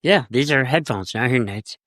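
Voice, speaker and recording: A man's voice: mid-range voice, lively intonation, brisk, fairly bright tone, dry recording. A man co-hosting a podcast in casual chat, tossing off dry, teasing jokes. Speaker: podcast co-host.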